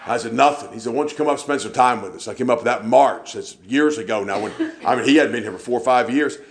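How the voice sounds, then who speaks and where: A man's voice: medium pitch, fast talker. A man, preaching in a church and telling folksy stories, acting out the people he quotes. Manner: folksy storyteller, acts out quoted voices. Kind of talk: sermon storytelling.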